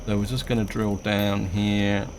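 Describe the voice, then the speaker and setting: A man's voice: fairly low pitch, measured pace, background noise. A man casually commenting on his own gameplay, thinking aloud as he plays. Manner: relaxed, thinking aloud while playing. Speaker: gaming video host.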